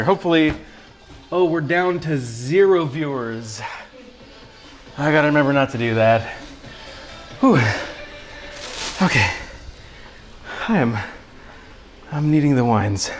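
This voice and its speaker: A man's voice: on the high side, measured pace, long pauses, soft background music. A young man hosting a casual cooking livestream, joking and chatting with his viewers as he cooks. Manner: playful, joking, talks to chat viewers.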